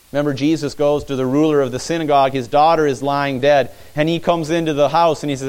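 A man's voice: medium pitch, fast, few pauses, darkish tone, clear, resonant tone. A male preacher delivering a sermon in a mid-range voice, painting the scene vividly and pulling listeners into the story. He leans on repetition for emphasis and keeps urging the congregation to put themselves there. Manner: repeats phrases for emphasis.

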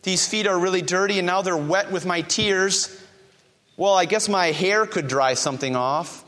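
A man's voice: high voice, moderate pace, a bit bright. A man voicing a repentant, grateful woman who halts and pleads earnestly, in a long hall reverb.

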